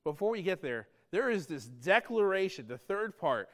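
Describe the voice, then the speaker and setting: A man delivers a sermon in a fairly high voice. He talks in a casual, earnest way and pushes harder on his key points. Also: big pitch swings, moderate pace, fairly bright tone. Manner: earnest, conversational preaching with rising emphasis. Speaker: pastor.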